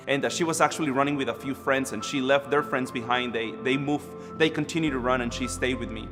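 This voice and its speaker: A man's voice: mid-range voice, a little fast, few pauses. A man from Costa Rica, earnestly telling his own story at a church service with frequent restarts. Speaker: church member sharing a testimony. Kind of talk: personal testimony at a church service. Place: church auditorium. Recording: long hall reverb with music under.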